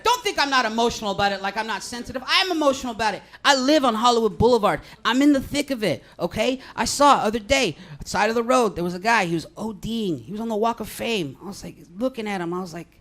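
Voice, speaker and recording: A young man doing a rambling stand-up set in a comedy club, deadpan and crude, high on edibles. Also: fast, few pauses.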